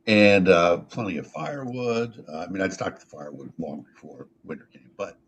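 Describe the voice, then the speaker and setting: A man's voice: deep voice, expressive, normal speed, a bit bright, a little hiss or hum. A man hosting a casual talk show, telling stories in a rambling way full of fillers and restarts. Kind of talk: casual chat, storytelling.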